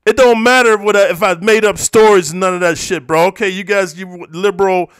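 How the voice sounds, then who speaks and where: A man from the eastern United States delivers a heated, profane rant to his audience, calling everyone "bro." His voice sits high for a man and the sound is dry, with no room around it. He drops to low mutters, then bursts out loud. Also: steady tone, a little fast, smooth, no room sound. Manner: profane, confrontational, says "bro" constantly; swings between low muttering and loud outbursts. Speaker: YouTuber reacting to comments. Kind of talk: heated ranting monologue.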